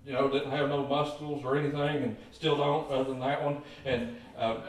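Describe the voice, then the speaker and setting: A man's voice: medium pitch, little pitch movement, moderate pace. A man preaching a sermon as pastor, telling folksy stories and calling out to his congregation. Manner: folksy storytelling with emphatic calls to the congregation. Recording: echoey church hall, distant mic.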